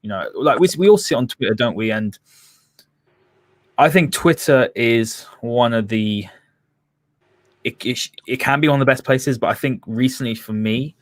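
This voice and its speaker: A man's voice: medium pitch, moderate pace, pauses often, dry recording. Frank man, dry sound. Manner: frank, earnest, direct. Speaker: podcast guest. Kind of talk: candid conversation.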